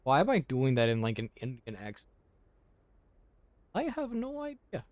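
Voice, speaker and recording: A man streaming a video game, talking casually to himself and his chat, jumping from mumbles to loud shouts. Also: medium pitch, wildly swooping pitch, moderate pace, dry recording. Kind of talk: casual gameplay commentary. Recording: game music playing behind the voice. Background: game music.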